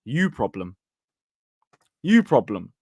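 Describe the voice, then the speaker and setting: A man's voice: medium pitch, sing-song, slow pace, a little mellow, husky, no room sound. A young man giving a blunt, sweary, rambling live review of a football match and reading viewer comments. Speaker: football fan channel host.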